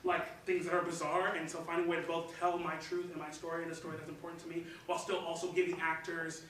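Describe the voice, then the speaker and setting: A man's voice: a little high, monotone, quick pace, bright, forceful tone. A young man from Michigan, a composer, talking in a rambling, casual way full of fillers. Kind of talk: casual chat. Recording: echoey distant noisy room mic.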